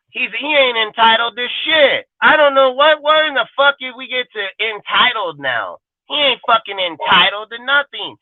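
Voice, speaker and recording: A man's voice: sits high, no room sound. Foul-mouthed ranting man, tinny line. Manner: loud, crude, combative, swears constantly. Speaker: co-host of a sports fan talk show. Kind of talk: profane ranting sports talk. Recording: dry, phone-like sound.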